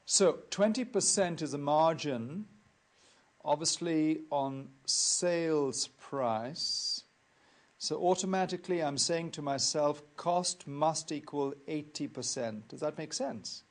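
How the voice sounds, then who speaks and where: Methodical male accounting tutor. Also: a little high. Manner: measured, methodical, repeats key points. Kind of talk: recorded lecture.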